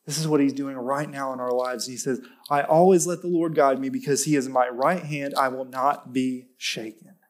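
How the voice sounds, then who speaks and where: A man's voice: mid-range voice, steady tone, normal speed, hardly any pauses. A man preaching a sermon in a church, talking in a conversational way with restarts, then rising to emphatic, lifted stretches when he stresses a point. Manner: conversational with self-corrections and restarts. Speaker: pastor.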